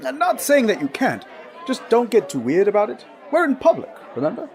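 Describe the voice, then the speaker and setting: Brief: a man voicing a high, lively, proper hero, patient and chiding. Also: brisk, faint music behind, some chatter behind, full character voice. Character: polite, proper hero, middle-aged man.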